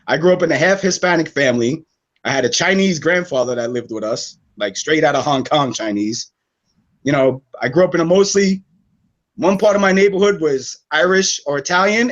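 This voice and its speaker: Brief Guest: man from New York, thirties, a bit high-voiced, rambling and profane, dull lo-fi call audio. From New York City. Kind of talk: casual online chat.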